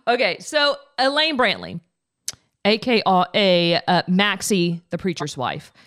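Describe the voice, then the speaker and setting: A woman's voice: medium pitch, very animated, slow pace, fairly bright tone. A woman hosting a podcast interview over a video call, bubbly and curious, laughing along with her guest. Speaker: podcast host. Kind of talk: casual interview chat.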